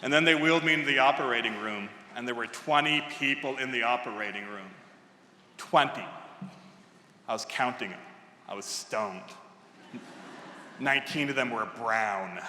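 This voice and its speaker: A man's voice: medium pitch, bright, forceful tone, a little hiss or hum. Wry man speaking in an echoey hall. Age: 50s. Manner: wry comic storyteller. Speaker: commencement speaker. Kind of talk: humorous commencement speech. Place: large ceremony hall. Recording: echoey hall with long reverb.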